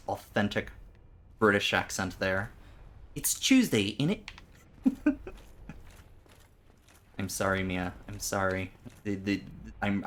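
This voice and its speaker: A man's voice: on the low side, fairly bright tone, slight background noise. A man streaming live, chatting casually with his viewers in a rambling way, often stumbling and repeating words.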